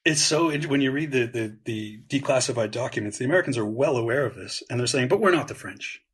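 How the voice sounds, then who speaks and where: A man, a history professor and guest, explaining eagerly in conversation, with frequent restarts and lively voiced quotes. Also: medium pitch, fast talker, breathy edge.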